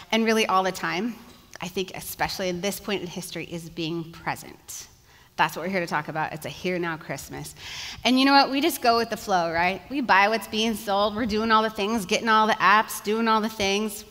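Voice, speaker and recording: Chatty bright-voiced woman in a big hall. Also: mid-range voice, moderate pace. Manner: chatty and animated, lots of "like" and "you guys". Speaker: speaker at a church event, pastor's wife. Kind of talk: humorous storytelling talk to an audience. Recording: long hall reverb.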